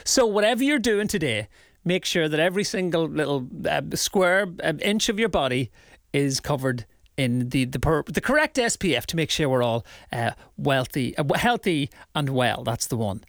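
A man's voice: a little high, animated, normal speed, dry recording, clean studio sound. A man with a Northern Irish accent, chatting casually on air as a radio presenter, rambling and self-mocking. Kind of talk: casual chat.

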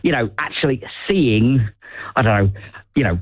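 A man's voice: medium pitch, lively intonation, moderate pace, dry recording, narrow, tinny audio. Hesitant Brummie man chatting. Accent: Birmingham. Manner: hesitant, repeats words, searches for phrasing. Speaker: conversation partner. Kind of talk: casual chat.

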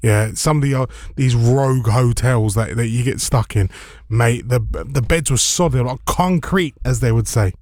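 London male radio host, chatty anecdotal delivery, mid-pitched, dry booth sound. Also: moderate pace, a little mellow, dry recording. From London, England. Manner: chatty storyteller, acts out other people's voices. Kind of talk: casual radio chat.

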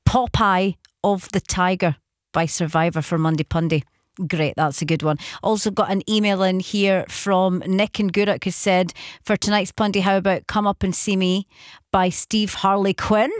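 A woman's voice: mid-range voice, fairly even intonation, moderate pace, no echo. A woman hosting a late-night radio show in a studio, chatty and giggly as she reads out listener messages. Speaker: radio host. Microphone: studio microphone.

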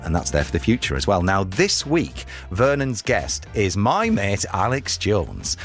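Male radio host, low voice, lively and chatty, faint music bed. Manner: chatty, enthusiastic, filler-heavy.

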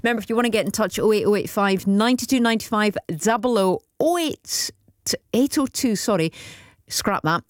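A woman hosting a radio phone-in, quick and enthusiastic as she brings in callers. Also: medium pitch, lively intonation, no echo, clean studio sound. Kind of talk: live radio presenting.

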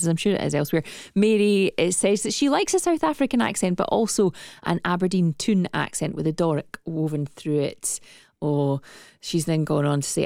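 A woman presenting a breakfast radio show, chatting briskly between items from a studio. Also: sits low, creaky, mellow, no echo. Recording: dry studio sound.

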